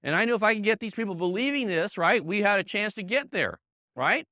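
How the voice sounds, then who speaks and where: A man's voice: high-pitched, animated, a little fast, sharp tone, no room sound, studio quality. A middle-aged man leading a motivational sales training for a room of colleagues, emphatic and repetitive, checking in with "okay?" and "right?" and calling on people by name. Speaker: sales team leader giving a training. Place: meeting room with a live audience.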